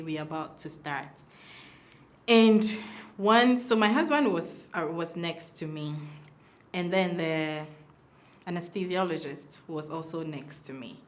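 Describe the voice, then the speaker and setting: A young woman telling a personal story in a casual way, acting out the voices of the people she quotes. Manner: animated, acts out quoted dialogue with big pitch swings. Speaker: mother telling her birth story.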